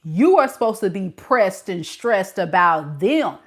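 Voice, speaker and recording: A woman's voice: mid-range voice, very animated, unhurried, breathy edge. A woman reading tarot cards for her audience. She is sassy and playful, and she drops slang as she talks straight to the listener. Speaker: tarot reader.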